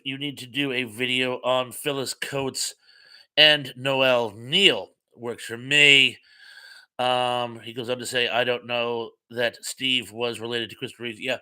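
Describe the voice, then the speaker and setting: Bright-voiced older man hosting a live chat. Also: mid-range voice. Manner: chatty, rambling, reads comments aloud with fillers. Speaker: host. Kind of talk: live chat reading viewer comments.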